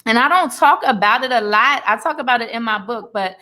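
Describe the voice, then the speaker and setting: A woman's voice: fairly high pitch, fairly quick, bright, forceful tone. A woman in her forties, an interview guest and author, giving an earnest, emotional personal testimony laced with faith.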